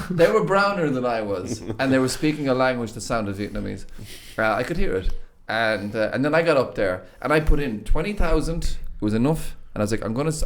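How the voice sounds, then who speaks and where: A man telling a comic travel story in casual chat, animated, swearing and acting out bits of dialogue. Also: mid-range voice. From Ireland. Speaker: podcast guest.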